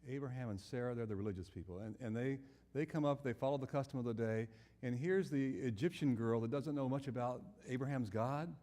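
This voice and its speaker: A man preaches a sermon, telling a Bible story, acting out the characters' voices, and asking his listeners questions. His medium-pitched voice is warm and brisk with hardly any pauses, carrying a big-room sound.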